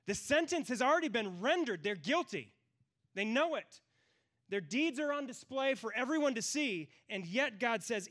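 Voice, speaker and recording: A male pastor delivering a sermon in a fairly high voice. He speaks earnestly and pleadingly, pressing some phrases loudly and slowing others down to a quiet hush. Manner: earnest, pleading, varies loudness for emphasis.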